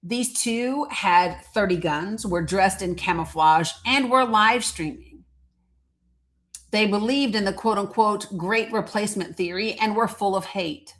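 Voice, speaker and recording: A woman's voice: medium pitch, unhurried. Heated, blunt woman ranting. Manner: blunt, heated, swears, reads quotes aloud. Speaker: host. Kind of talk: angry commentary monologue.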